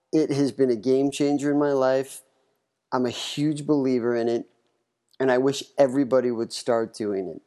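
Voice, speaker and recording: Guy doing a chill solo podcast, mellow dark voice, kinda self-deprecating, trips over his words. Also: medium pitch. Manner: candid, self-deprecating, loose with restarts. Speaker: podcast host. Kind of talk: casual solo podcast talk.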